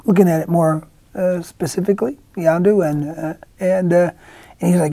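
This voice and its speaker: A man's voice: sits high, fairly even intonation, moderate pace, creaky, dark tone, dry recording. A middle-aged male actor in a casual interview, rambling through anecdotes with many restarts and acted-out quotes. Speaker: actor guest.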